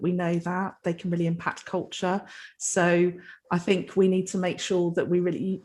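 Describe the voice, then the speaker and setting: A woman's voice: lowish voice, a little mellow. A British woman, a health trust chief executive, answering a panel question earnestly and fluently, often restarting her sentences. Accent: British English.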